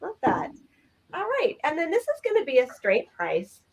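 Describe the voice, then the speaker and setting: A woman's voice: sits high, huge pitch swings, moderate pace, slight background noise. A woman co-hosting a live vintage sale, chatting enthusiastically as she describes items. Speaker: vintage seller co-host.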